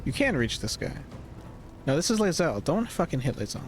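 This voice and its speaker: A man's voice: a little high, sing-song, a little fast, a little hiss or hum. A man giving casual gameplay commentary, muttering to himself and cursing often as he plans his moves. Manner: swears a lot, exasperated muttering to himself. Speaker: streamer playing a role-playing video game.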